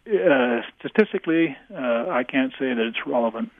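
A man who is an English professor, answering questions on a radio call-in show, halting with many fillers. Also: medium pitch, animated. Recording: tinny phone line.

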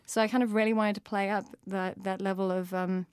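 A woman's voice: medium pitch, little pitch movement, brisk, darkish tone, smooth, dry recording. South African woman author, dry studio. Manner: thoughtful, frequent fillers and restarts. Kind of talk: interview.

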